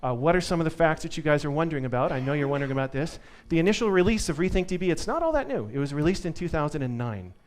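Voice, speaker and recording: A man's voice: fairly high pitch, lively intonation, racing, hardly any pauses. A man giving a live conference tech talk to an audience, upbeat and joking. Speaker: conference speaker.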